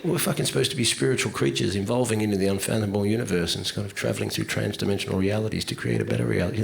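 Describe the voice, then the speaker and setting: A man doing a profane stand-up routine, swinging from low muttering to loud ranting outbursts. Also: rapid-fire, gravelly, hardly any pauses, background noise. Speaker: stand-up comedian. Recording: live club recording with audience laughter. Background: crowd laughter.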